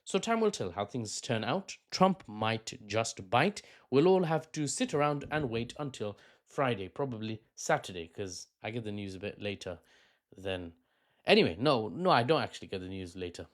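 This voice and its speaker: A man's voice: fairly low pitch, expressive, normal speed. A man hosting a political commentary vlog, talking in a conversational, opinionated way with asides and self-corrections. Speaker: news commentary host.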